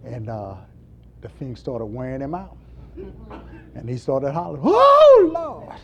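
A man preaching a sermon, moving between quiet asides and impassioned high calls. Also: lively intonation, measured pace, creaky.

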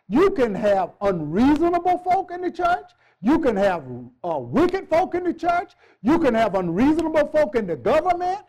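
A man's voice: high-pitched, darkish tone. A male pastor preaching a sermon in a church, emphatic, repeating phrases and joking with the congregation.

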